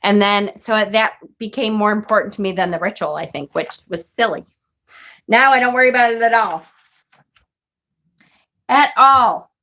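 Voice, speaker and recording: A woman in her forties with a bright, clear voice, talking casually to her audience. She rambles, backtracks and laughs often as she tells a story. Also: mid-range voice, normal speed, pauses often. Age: 40s. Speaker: witchcraft vlogger.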